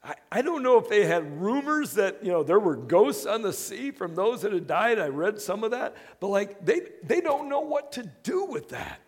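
A man preaching with a fairly high voice, telling the story earnestly. He drops to near-hushed tones and then rises to loud, eager bursts. A long reverb trails his words as if he is in a large hall. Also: big pitch swings, moderate pace, hardly any pauses, breathy edge. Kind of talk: sermon.

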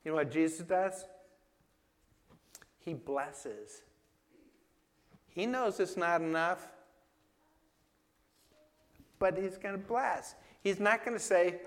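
Slow, emphatic male preacher in a hall. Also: high voice, animated. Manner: emphatic, conversational preaching with rhetorical questions. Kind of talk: sermon. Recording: long reverb of a hall.

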